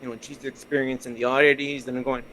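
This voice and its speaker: Over a remote call mic, this Canadian-accented podcast guest speaks fast at a medium pitch with little pitch movement and a slightly bright tone. The low-quality audio has a bit of hiss or hum as he chats casually, rambling easily through his stories like an easygoing interviewee.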